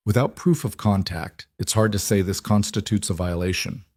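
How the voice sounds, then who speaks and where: A man voicing a calm, careful young police officer in a narrated story, speaking in a measured, official way. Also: fairly low pitch, no room sound, studio quality, natural voice.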